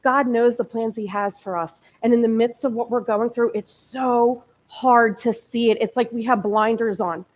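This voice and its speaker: A woman's voice: a little high, steady tone, normal speed, hardly any pauses, a little mellow. A woman in her early forties giving a candid, emotional personal testimony as a guest speaker in a church. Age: 40s. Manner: candid, conversational, emotional storytelling. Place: church sanctuary.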